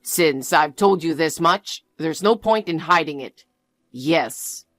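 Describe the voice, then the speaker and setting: A woman's voice: low voice, animated, takes it slowly, a bit bright, dry recording, soft background music, voice pushed down, full character voice. A woman voicing a smug, cheating young fiancé in a one-voice story narration, talking in a dismissive, self-justifying way.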